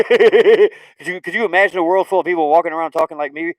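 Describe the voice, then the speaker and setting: A man's voice: fairly high pitch, quick pace, dry recording, rough recording. Man rambling on a spiritual livestream. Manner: rambling, repeats words, lively asides and laughs. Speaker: livestream host. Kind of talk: casual spiritual livestream chat.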